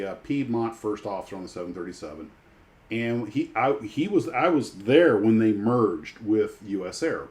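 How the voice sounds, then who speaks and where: A man's voice: lowish voice, a little mellow. A man, a retired pilot hosting a livestream, telling rambling stories full of restarts. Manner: rambling storyteller with many restarts. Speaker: livestream host. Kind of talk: casual chat.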